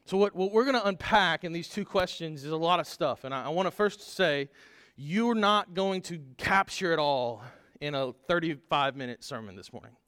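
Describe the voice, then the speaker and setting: A man preaching a Sunday sermon, animated and conversational, putting rhetorical questions to the congregation. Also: fairly high pitch, normal speed, smooth, dry recording, studio quality. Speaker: pastor.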